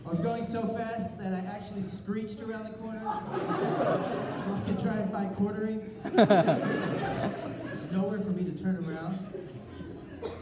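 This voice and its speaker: A man's voice: high-pitched, steady tone, measured pace, pauses often. A man spins a self-mocking comic story on a convention stage, acting out his own thoughts. His voice comes from a distance and rings through a big hall with a long tail. The audience murmurs and laughs around him. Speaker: convention panel guest. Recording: roomy hall from far off, crowd noise.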